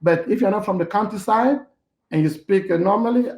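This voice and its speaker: A man's voice: high-pitched, brisk, a little mellow, reverberant. A middle-aged man from Cameroon, a podcast guest speaking casually, with many hesitant fillers and restarts. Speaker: podcast guest, hotel manager. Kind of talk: casual interview conversation.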